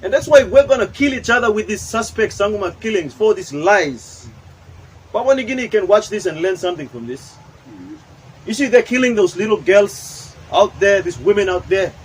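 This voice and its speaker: A man's voice: sits high, a little hiss or hum, rough recording. A man from Papua New Guinea running a workshop, talking in an emphatic, preachy way. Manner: preachy, emphatic, switches into local language. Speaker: workshop trainer. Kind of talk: animated workshop talk. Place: training room.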